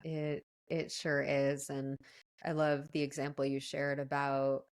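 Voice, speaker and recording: A woman hosting a podcast, calm and affirming as she responds to her guest. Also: a bass voice, unhurried, smooth. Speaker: podcast host. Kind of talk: casual interview conversation.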